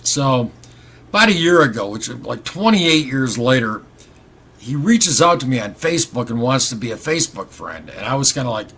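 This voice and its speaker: A middle-aged man with a slightly husky, mid-pitched voice spins a long yarn for his vlog. He rambles in a wry, conversational way and slips into the quoted lines as he goes. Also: very animated, moderate pace, fairly bright tone. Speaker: vlogger. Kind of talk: casual storytelling to camera.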